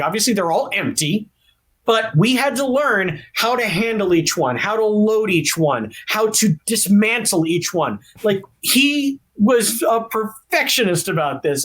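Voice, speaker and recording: A man guesting on a podcast interview, telling an animated anecdote. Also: high voice. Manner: animated storyteller. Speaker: actor guest.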